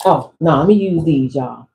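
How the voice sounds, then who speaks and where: A woman doing a channeled tarot reading for her viewers, animated and exclamatory, in casual slangy speech. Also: low voice, normal speed, slight background noise, low-quality recording. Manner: animated, exclamatory, talks straight to the audience. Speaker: tarot reader.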